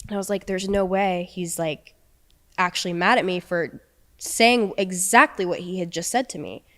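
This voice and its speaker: This young woman, a guest on a podcast, casually recounts something that happened to her and quotes the exchanges. Her voice is lowish and her speed normal.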